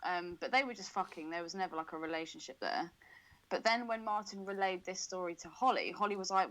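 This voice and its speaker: A woman's voice: on the low side, fast talker, fairly bright tone, rough recording. A woman co-hosting a podcast, talking in a crude, casual way with lots of swearing and laughter. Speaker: podcast co-host.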